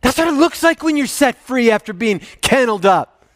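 A man preaching a sermon to his congregation in a church, emotional, swinging from loud excitement to quiet, intimate prayerfulness. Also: extremely high pitch, fairly quick. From United States. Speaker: pastor. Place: church sanctuary.

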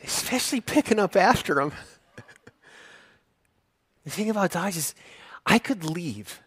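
A man's voice: high-pitched, animated, unhurried, pauses often, fairly bright tone, husky, dry recording. A male pastor preaching a sermon in a conversational, joking and emphatic way.

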